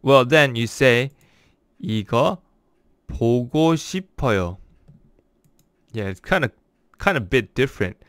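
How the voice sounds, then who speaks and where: A man giving a casual language lesson, explaining phrases word by word and slowing down for examples. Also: mid-range voice, animated, fairly bright tone, dry recording, studio quality. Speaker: language teacher.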